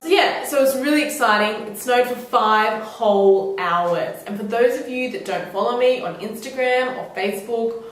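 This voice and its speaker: Young Australian woman, bubbly chatty vlogger, slightly high voice; roomy, distant recording with faint hiss. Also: normal speed. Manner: bubbly, giggly, playful sing-song. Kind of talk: casual chat to camera. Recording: echoey room, slightly off-mic, faint hiss.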